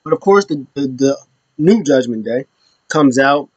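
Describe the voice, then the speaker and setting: A man's voice: mid-range voice, animated, unhurried, dry recording, highs cut off. A man hosting his own show, giving a casual, rambling recap with many restarts. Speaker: show host.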